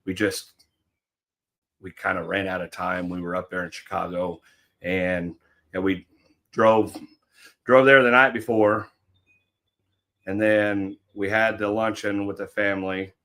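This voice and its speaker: A middle-aged man with a fairly low voice chats loosely on a livestream. He rambles, jokes and talks straight to his viewers. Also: level tone, a little slow, long pauses, sharp tone. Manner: rambling, joking, talks to chat. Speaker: livestream co-host. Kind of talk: casual livestream chat.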